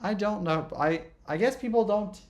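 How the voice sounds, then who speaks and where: A man's voice: high voice, normal speed, darkish tone. A young man from the southeastern United States, a podcast guest in casual chat who leans hard on words and drags out their endings.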